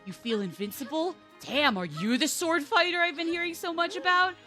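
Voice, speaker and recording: A woman's voice: very high voice, moderate pace, pushed and bright, faint music behind, voice pushed up. A woman voicing an eager townsperson from a video game who gushes with admiration. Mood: awed.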